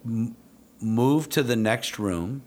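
Taking it slowly in a medium-pitched voice, a middle-aged man who trains police dogs shares a story. His manner is blunt, casual and profane, and he keeps slipping into animated quotations of his own words.

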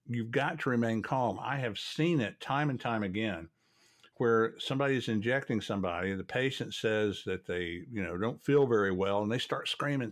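A man's voice: fairly low pitch, moderate pace. A man, a podcast host telling folksy stories from his work in radiology. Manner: folksy, storytelling, chatty. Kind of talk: casual chat.

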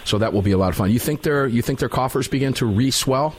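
A man's voice: medium pitch, fast talker, a little hiss or hum. A man hosting a talk radio show, chatting in a rambling, agreeable way with a guest.

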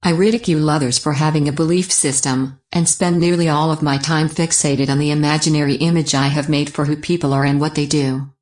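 A man's voice: fairly high pitch, steady tone, brisk, hardly any pauses, darkish tone, lightly acted. A man voicing a smug male comedian who reads out a self-mocking letter in a sneering tone. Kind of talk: comic letter reading.

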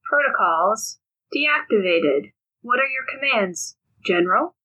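A woman voicing a flat mechanical security robot that speaks in slow, clipped commands. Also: a little high, breathy edge, muffled recording, heavily acted. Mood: commanding.

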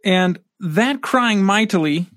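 A man's voice: sits high, lively intonation, slow, a bit bright, no room sound, studio quality. A man teaching a scripture lesson, reading verses aloud and then commenting on them.

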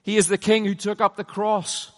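A middle-aged man preaching a conference sermon, emphatic, swinging from loud passionate peaks down to low, quiet lines. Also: flat delivery, normal speed. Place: large conference hall. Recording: long hall reverb.

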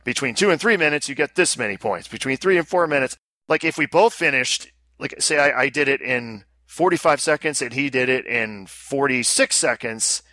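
A man co-hosts a casual podcast, his voice bright and forward. He explains things at length, repeating words as he works through them. The sound is dry and close. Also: medium pitch, normal speed, no echo. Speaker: podcast co-host. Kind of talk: casual chat.

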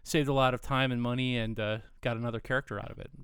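A man's voice: mid-range voice, fairly even intonation, quick pace, fairly bright tone, clear, resonant tone, no echo. A man co-hosting a casual chat, talking enthusiastically with lots of fillers. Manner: enthusiastic, rambling with many fillers. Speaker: podcast co-host.

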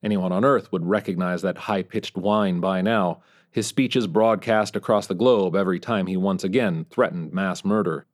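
Male narrator, lowish voice, measured audiobook reading. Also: steady tone. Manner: measured storytelling. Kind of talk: scripted narration.

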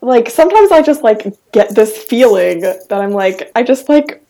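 A woman's voice: a little high, lively intonation, moderate pace, mellow. A young woman talking on a casual podcast. She rambles and hesitates, with plenty of ums and likes as she gathers her thoughts. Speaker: podcast co-host. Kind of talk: casual group chat.

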